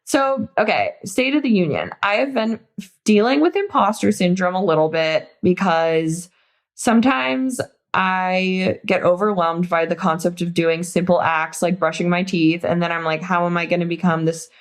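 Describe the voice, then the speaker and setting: A young woman in her twenties co-hosting a casual chat podcast, rambling and giggly, with lots of upspeak and quotes acted out in high, silly voices. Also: lively intonation, normal speed. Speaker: podcast co-host.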